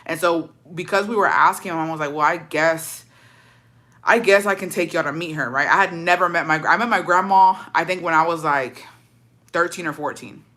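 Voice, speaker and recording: A woman's voice: fairly low pitch, moderate pace, a bit bright. A woman telling stories in a casual chat, blunt and profane, switching between English and Spanish.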